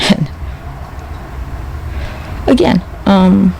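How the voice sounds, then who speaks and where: A podcast host rambles through a sardonic, profane monologue. His voice is high and heavily gravelly, with a faint hiss behind the recording. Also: wildly swooping pitch, very slow, long pauses, a little mellow, rough recording.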